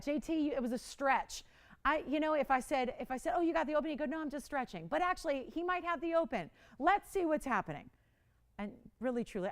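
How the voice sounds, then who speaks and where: A talkative woman hosts a live jewelry auction from a TV studio, her voice sitting a little high. She begs for bids in a relaxed, joking manner, chatting away and laughing often.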